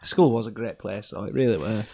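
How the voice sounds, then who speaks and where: A young man, a podcast co-host recalling school days in casual chat as an excitable, laughing storyteller. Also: on the low side, fairly quick, crowd noise.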